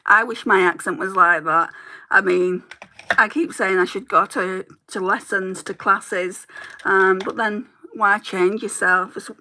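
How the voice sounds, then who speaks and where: A woman's voice: medium pitch, fairly even intonation, a little slow, pushed and bright, rough recording. A woman beauty YouTuber chatting casually while doing her makeup, rambling and laughing easily as she talks.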